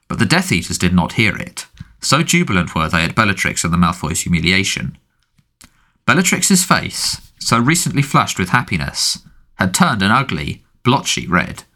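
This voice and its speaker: A man reads a novel aloud as a narrator, lively and expressive. His voice sits low yet has a bright, forceful edge. The delivery swings widely in pitch to carry the story. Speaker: audiobook narrator. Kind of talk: scripted narration.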